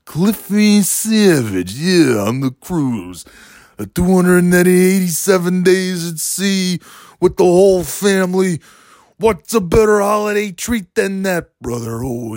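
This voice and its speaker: A man doing an impression of a macho male wrestler, drawling slowly and tacking a growled "yeah" onto his lines. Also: a little high, darkish tone, dry recording, clean studio sound.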